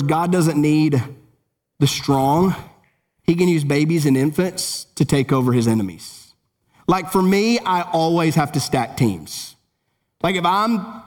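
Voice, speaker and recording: A middle-aged man preaching a sermon in a lively, conversational way, with casual asides and jokes. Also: high-pitched. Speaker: pastor.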